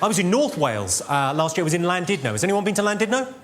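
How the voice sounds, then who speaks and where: A man doing live stand-up comedy on a theatre stage, delivering crude deadpan one-liners and chatting with the crowd. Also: high voice, racing. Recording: loud audience noise at a live show. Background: audience laughter.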